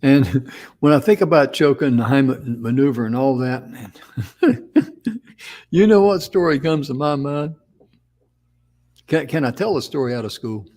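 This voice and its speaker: A man's voice: medium pitch, measured pace, pauses often, warm tone. A man co-hosting a casual talk show, telling a personal story in a folksy, rambling way with restarts. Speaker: co-host.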